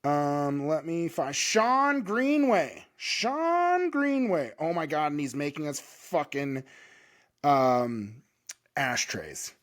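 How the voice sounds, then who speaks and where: High-voiced, swearing podcast co-host. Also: male voice, lively intonation, slow pace. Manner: loud, swearing, hyped and joking. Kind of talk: casual podcast chat. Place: home podcast studio.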